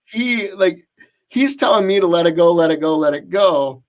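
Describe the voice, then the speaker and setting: A man's voice: high-pitched, animated, moderate pace. A man co-hosting a podcast, telling a long story in casual chat with lots of restarts and fillers. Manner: rambling, many restarts and fillers. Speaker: podcast co-host.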